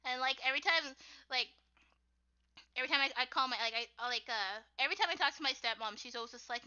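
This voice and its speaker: A young woman with a squeaky voice chatting casually on a livestream while she draws, rambling with lots of "like" and frequent laughter. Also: fast, bright, forceful tone, clear, resonant tone, highs cut off. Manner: rambling, full of "like", laughs often. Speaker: artist streaming her drawing work.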